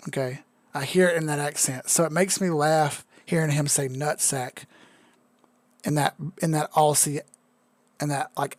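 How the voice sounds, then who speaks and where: A slightly tipsy young man riffs on crypto charts over a live stream, cracking crude jokes as he goes. His voice sits a touch high and sounds close and dry, with no room around it. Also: dry recording. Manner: loose, joking, profane, says he is drunk. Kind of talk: casual live-stream commentary.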